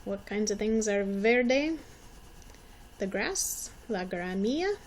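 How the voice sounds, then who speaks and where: A woman in her forties teaches young children with a mid-range, expressive voice, taking things slowly against slight background noise. Her slow, patient classroom instruction is encouraging, and she repeats each word so the kids can echo it back.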